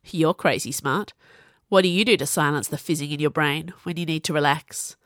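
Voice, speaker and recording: A woman's voice: deep voice, normal speed, a bit bright, dry recording, studio quality. A woman voicing an easygoing, teasing young male drummer mage in an audiobook.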